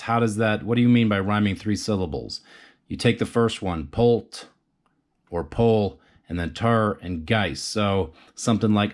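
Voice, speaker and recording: A man leads a casual rhyming lesson in a low, unhurried voice. He thinks aloud and tests rhymes one by one. His tone stays easygoing throughout. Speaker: rhyme coach.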